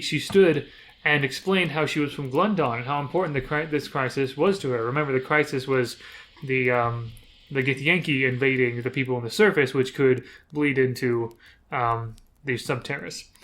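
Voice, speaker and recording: A man's voice: medium pitch, moderate pace, fairly bright tone. A man recapping a tabletop campaign he ran as game master. He tells it casually, with rambling asides and frequent self-corrections.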